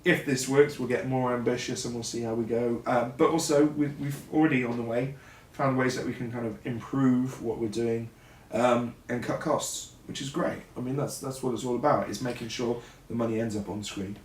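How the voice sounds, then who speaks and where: A man's voice: mid-range voice, steady tone, moderate pace, a little hiss or hum. A man co-hosting a vlog, chatting candidly with jokes and a few stammered restarts. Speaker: filmmaker and co-host. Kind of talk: casual chat. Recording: roomy echo, distant mic.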